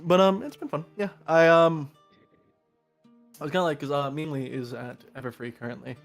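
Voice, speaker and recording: A man's voice: on the high side, fairly quick, creaky, faint music behind. A young man from New Jersey with a New York accent, chatting casually and rambling as a guest, tired from little sleep. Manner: rambling, animated when telling stories. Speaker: guest player. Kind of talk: casual chat.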